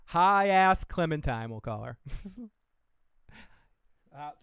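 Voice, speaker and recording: A man's voice: on the high side, lively intonation, takes it slowly, vocal fry, a bit bright, clean tone, no room sound, studio quality. A man hosting a casual podcast livestream, rambling and swearing freely as he reacts to a trailer. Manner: rambling and profane, with laughs and self-talk. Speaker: podcast host reviewing a trailer.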